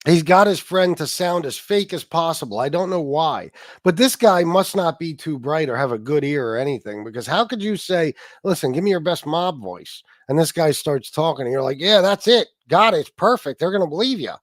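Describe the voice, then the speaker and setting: Blunt cursing livestream host. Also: male voice, on the high side, expressive, moderate pace, dry recording, studio quality. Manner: blunt, profane, rambling with fillers. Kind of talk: ranting commentary.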